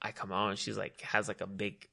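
A man's voice: on the low side, monotone, fairly quick, creaky, bright, forceful tone. A young man, rambling in casual chat, heavy on "like" and "dude".

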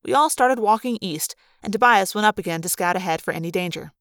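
A woman reading a novel aloud in lively first-person storytelling. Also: medium pitch, quick pace, no room sound, studio quality. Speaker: audiobook reader. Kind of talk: read-aloud fan narration.

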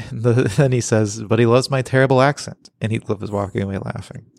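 A man's voice: mid-range voice, fairly even intonation, fairly quick, creaky, darkish tone, dry recording, clean studio sound. A man co-hosting a casual podcast, reading comic strips aloud and laughing often. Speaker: podcast co-host. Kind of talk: casual chat.

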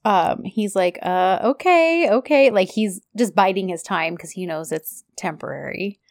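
A woman's voice: fairly low pitch, moderate pace, vocal fry, no room sound. Chatty woman with a dry close voice. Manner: chatty, acts out quotes with laughs. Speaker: podcast co-host. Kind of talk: casual chat recapping a TV series.

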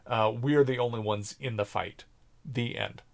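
A man's voice: medium pitch, unhurried. A man co-hosting a podcast, chatting casually about a TV series and acting out quotes in raised voices. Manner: animated when joking, acts out quotes in raised voices. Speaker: podcast co-host.

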